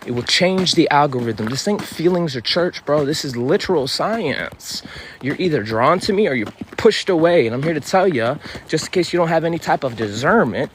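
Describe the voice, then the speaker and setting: A man's voice: a little high, lively intonation, normal speed. A man giving an intense, profane, confrontational motivational monologue outdoors by a street. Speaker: spiritual vlogger. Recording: street noise behind.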